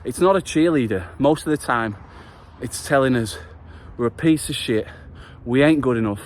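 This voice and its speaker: A man's voice: medium pitch, moderate pace, darkish tone. A man talking straight after a workout, delivering an earnest motivational vlog message with passion and the odd swear word. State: just finished a workout. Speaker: vlogger.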